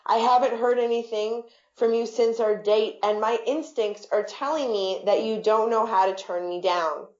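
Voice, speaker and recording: A woman's voice: a little high, fairly even intonation, moderate pace, few pauses, a little mellow, lightly acted. Woman reading as an awkward blunt male date, stiff formal remarks, echoey dull sound. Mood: earnest.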